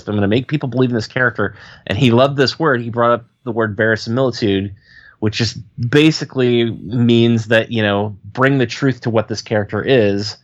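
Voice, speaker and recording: A man co-hosting a casual podcast, talking in a relaxed, rambling way with many fillers. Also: medium pitch, highs cut off. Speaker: podcast co-host. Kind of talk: casual chat.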